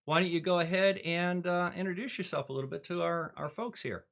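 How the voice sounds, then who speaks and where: A man hosts a relaxed livestream from his home, chatting in a folksy, joking way. His voice sits a little higher than most men's. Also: brisk, creaky. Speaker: host. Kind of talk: casual livestream chat. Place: home in Northern Michigan.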